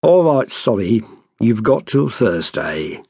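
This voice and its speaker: A man's voice: medium pitch, big pitch swings, slow pace, creaky, darkish tone, slightly rough, no room sound, studio quality, heavily acted. A man voicing a scheming older male landlord who haggles with wry, wheedling talk. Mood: sly.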